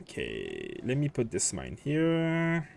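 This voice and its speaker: Lively-voiced man streaming a game. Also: mid-range voice, takes it slowly, vocal fry, a little hiss or hum. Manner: thinks aloud, answers chat questions with many fillers. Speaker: livestream gaming host. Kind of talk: casual livestream commentary while playing.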